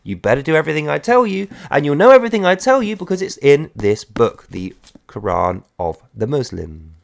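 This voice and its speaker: A man's voice: on the high side, big pitch swings, brisk, vocal fry. A man voicing a stern, watchful male authority who lectures a child, then lulls him to sleep. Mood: menacing. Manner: menacing, then mock-soothing.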